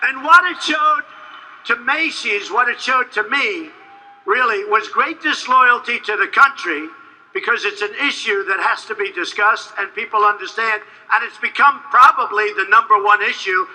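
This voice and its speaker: A man giving a rambling, boastful campaign rally speech, repeating himself and sometimes shouting. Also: sits high, normal speed, rough recording. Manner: shouts at times to a crowd. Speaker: political candidate.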